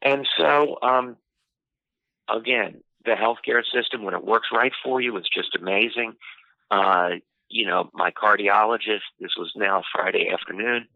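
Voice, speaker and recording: A man telling a personal story in an interview, unhurried and full of "you know" fillers. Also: fairly low pitch, creaky, no room sound. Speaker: interview guest. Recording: tinny phone-line audio, dry.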